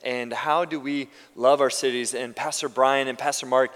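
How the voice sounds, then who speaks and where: A man's voice: medium pitch, fairly even intonation, normal speed, fairly bright tone. Man preaching in a reverberant church. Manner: conversational preaching with frequent restarts. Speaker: pastor. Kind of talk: sermon. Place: church sanctuary.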